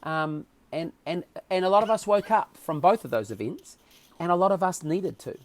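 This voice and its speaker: At normal speed, a New Zealand-accented man with a high voice appears as a guest on a podcast. He shares stories in a relaxed interview with emotional, animated delivery.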